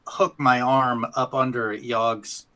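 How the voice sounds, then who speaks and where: A man's voice: mid-range voice, little pitch movement, takes it slowly, pushed and bright. A man playing a tabletop game, hesitant and thinking aloud as he declares his moves. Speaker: player.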